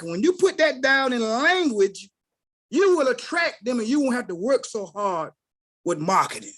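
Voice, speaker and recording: A man, telling stories on a group call in an animated way, dropping low then bursting out loud. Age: 60s. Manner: animated, swings between low mutters and loud outbursts. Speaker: call participant sharing a story. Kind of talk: casual storytelling.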